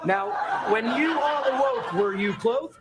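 An actor playing a government official asking measured, formal questions. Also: medium pitch, expressive, very noisy, close to an everyday voice. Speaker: government interviewer.

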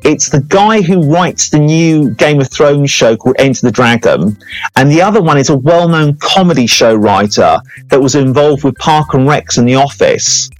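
A man's voice: fairly high pitch, normal speed, dry recording, low-quality recording. Rambling man hosting a podcast. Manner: rambling, apologetic, excitable. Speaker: podcast host and film reviewer. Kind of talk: casual comic chat.

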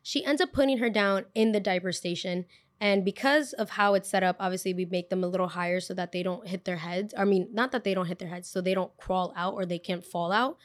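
A woman in her twenties, a podcast host, telling a story in a casual, animated way and acting out what people said. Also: on the low side, a little fast. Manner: animated, acts out quotes, lots of "like".

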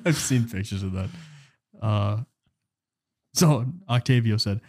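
A man's voice: on the low side, slow, darkish tone. Laughing young man on a comedy podcast. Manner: joking, laughs often. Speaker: podcast co-host. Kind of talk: casual chat.

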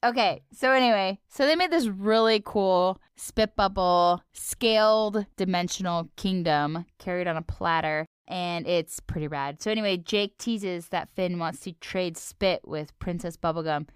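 A young woman chatting casually as she recaps a cartoon episode, playful and quick to giggle. Her voice is smooth and clear. It sounds close and dry, with no room around it. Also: lowish voice, no echo. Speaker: podcast co-host.

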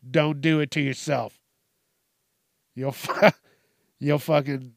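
A man's voice: a little high, fairly even intonation, takes it slowly, vocal fry, pauses often, dry recording, clean studio sound. A man hosting a podcast, talking casually in a profane, self-deprecating way, laughing often and restarting his sentences. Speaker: podcast host. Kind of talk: casual monologue.

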